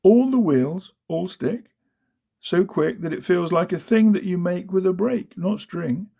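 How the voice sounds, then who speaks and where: A man's voice: high voice, measured pace, creaky, mellow. A man giving a rhythmic, sing-song storybook reading of children's poems. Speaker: reader of children's verse.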